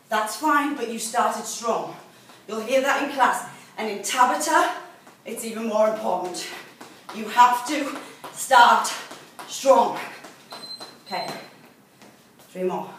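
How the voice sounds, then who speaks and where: A woman's voice: fairly high pitch, lively intonation, a little slow, pauses often, fairly bright tone. A woman coaching a workout video, cueing encouragement while exercising and getting out of breath. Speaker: fitness instructor. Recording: very echoey room, distant mic, faint noise.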